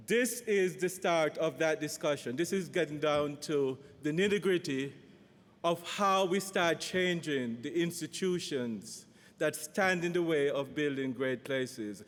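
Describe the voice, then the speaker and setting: A man introducing a speaker at a conference, talking in a halting way with restarts. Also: fairly high pitch. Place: large conference hall. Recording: long hall reverb.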